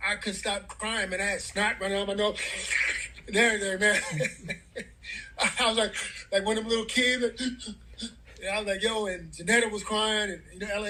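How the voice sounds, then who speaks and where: A man's voice: high-pitched, sharp tone, rough recording. A middle-aged man telling a heartfelt story as a guest in an interview, in loose, casual talk full of "man" and "bro".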